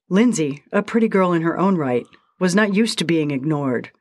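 A woman narrating a short story in a steady, measured reading style. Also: lowish voice.

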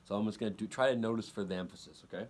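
A man giving a casual guitar lesson, relaxed and repetitive, counting beats aloud. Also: fairly low pitch, racing. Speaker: guitar teacher. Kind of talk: casual instructional talk. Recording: loud guitar playing behind.

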